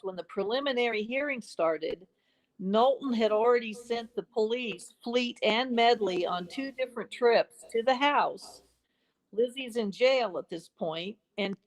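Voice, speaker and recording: A woman guest on a podcast, telling a story conversationally, building her argument point by point and acting out bits of quoted dialogue. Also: on the high side. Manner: earnest, builds a case point by point; acts out quoted dialogue in brief snippets.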